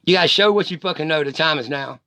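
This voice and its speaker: A man's voice: a little high, quick pace, sharp tone, dry recording. Angry profane man ranting. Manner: profane, heated and confrontational. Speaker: vlogger. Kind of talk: angry direct-to-camera rant.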